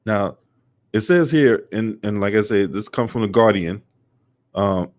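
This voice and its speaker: This man's voice is low-pitched and unhurried. He runs a casual commentary stream for a sports and politics channel, where he talks loosely, swears without restraint, leans on "um" and "you know," and addresses viewers in his chat as he goes.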